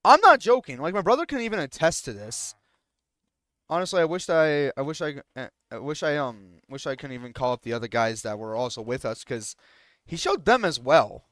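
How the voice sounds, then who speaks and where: A man's voice: medium pitch, big pitch swings, a little fast, fairly bright tone, dry recording, studio quality. A young man streamer telling a rambling story with many restarts and fillers, sometimes indignant, in casual talk while gaming.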